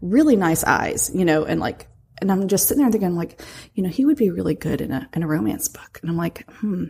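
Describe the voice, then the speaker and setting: A woman's voice: lowish voice, sing-song, a little fast, creaky, a little mellow, slightly rough. A woman in her forties co-hosting a podcast, chatting easily with a laugh never far away, and reading out a book review. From United States. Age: 40s. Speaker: podcast co-host. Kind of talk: casual chat and book review.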